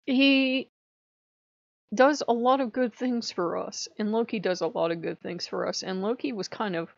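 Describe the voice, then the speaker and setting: A woman's voice: medium pitch, moderate pace, gravelly, no echo, dull audio. A woman hosting her own vlog, talking casually and laughing often as she animatedly retells conversations. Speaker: channel host. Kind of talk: casual spiritual vlog talk.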